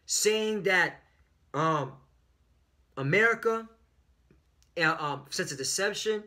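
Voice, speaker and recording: High, forceful man preaching scripture. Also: expressive. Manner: emphatic, profane, checks in with listeners constantly; reads scripture slowly and deliberately. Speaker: scripture teacher. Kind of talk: informal bible teaching.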